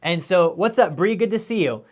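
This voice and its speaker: A man with a fairly high voice gives a live-streamed lecture on personal finance. He is energetic and conversational, and he keeps checking in with "right?" as he explains. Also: normal speed. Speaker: finance educator.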